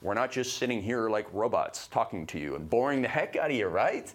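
A man from Canada co-hosting a motivational podcast, delivering advice in an emphatic, high-energy way. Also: very animated, brisk. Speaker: podcast co-host.

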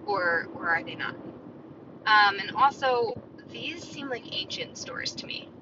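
A woman's voice: medium pitch, animated, unhurried. A woman in her thirties hosting a solo podcast outdoors by a parking lot. She talks in a chatty, opinionated ramble, full of "like" and "right?". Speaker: podcast host. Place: parked outdoors near a store parking lot, car or street sounds behind. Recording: dull lo-fi sound with clear traffic noise.

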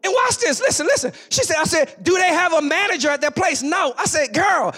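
A man with a lilt preaching to his congregation. His voice sits high and leaps widely in pitch. He moves from storytelling into fervent, shouted exhortation. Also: lively intonation, fast talker. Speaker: pastor. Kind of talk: sermon.

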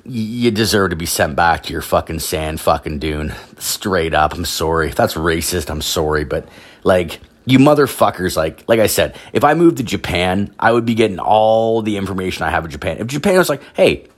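A man's voice: low voice, expressive, moderate pace. A man ranting casually, rambling with constant filler words and heavy swearing. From Canada. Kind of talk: profane casual rant.

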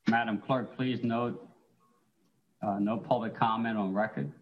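A fairly low-voiced man chairs a council meeting, moving item by item through motions and objections at a measured, procedural pace. The sound is dull and lo-fi, like remote meeting audio. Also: steady tone. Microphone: remote call-in audio.

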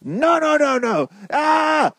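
A man's voice: sing-song, slow pace, a bit bright, no echo, heavily acted. A man voicing a stubborn little toddler boy who squeals "no" again and again as he refuses food. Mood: wailing. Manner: high squealing repeated no, pointing defiantly.

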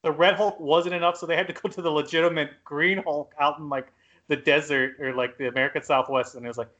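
A man's voice: fairly high pitch, expressive, a little fast, a bit bright, lo-fi sound. A man hosting a podcast in casual chat, playful and joking. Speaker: podcast host.

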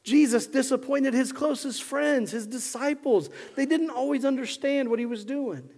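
A man preaching a sermon as pastor, moving between hushed, slow passages and loud, fiery ones. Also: extremely high pitch. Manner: impassioned preacher, swings from hushed to shouting. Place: church sanctuary. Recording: long hall reverb.

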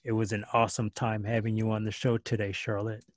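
A man's voice: on the low side, flat delivery, brisk, no room sound. A man hosting a podcast, effusive and gracious, often repeating his words as he thanks his guest and signs off. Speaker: podcast host. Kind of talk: casual interview talk.

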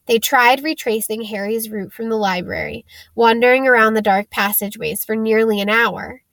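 A woman's voice: on the high side, steady tone, normal speed, fairly bright tone, no echo. Woman reading a storybook, dry and close. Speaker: audiobook reader. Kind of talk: audiobook narration.

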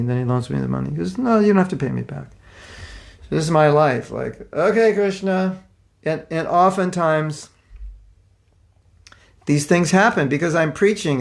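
A man preaching in a loose, conversational way, trading personal stories with self-deprecating humor. His voice sits a bit high for a man and has a gravelly, creaky texture. He stumbles and restarts often as he talks. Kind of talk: informal sermon with personal stories.

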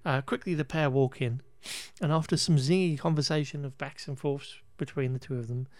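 A man's voice: on the high side, fairly even intonation, a little fast, a little mellow, no room sound. A man co-hosting a podcast, chatting casually through a film recap with frequent restarts and laughter. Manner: rambling, self-correcting, laughs often. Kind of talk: casual chat.

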